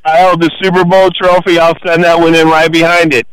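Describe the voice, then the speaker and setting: An older man calling into a sports radio show, telling a story loudly and acting out the voices as he goes. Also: a little high, flat delivery, a little fast, crowd noise. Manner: boisterous storyteller, acts out voices. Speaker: caller. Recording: phone line.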